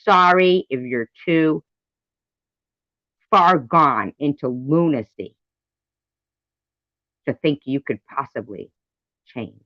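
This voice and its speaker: A commentary vlogger with a high-leaning voice delivers an angry, profane rant, speaking slowly and pausing often. He sounds indignant and repeats himself. The recording is dull and lo-fi, with no room sound.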